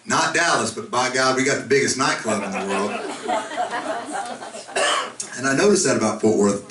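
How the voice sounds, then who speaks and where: A man performing live, telling a funny story between songs in a relaxed, chatty way. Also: lowish voice. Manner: laid-back, conversational, chuckling through the story. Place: concert venue stage with audience. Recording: echoey live room, distant, audience noise. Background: live audience.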